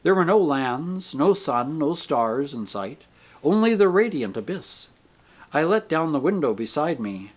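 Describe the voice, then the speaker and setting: A man narrating an audiobook in an expressive, animated way. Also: fairly high pitch, a little slow.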